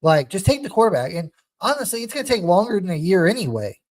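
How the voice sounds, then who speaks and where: A young man co-hosts a casual football podcast, slightly high in pitch. He talks in an animated, rambling way, full of restarts and fan excitement. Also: quick pace. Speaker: podcast host. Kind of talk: casual sports chat.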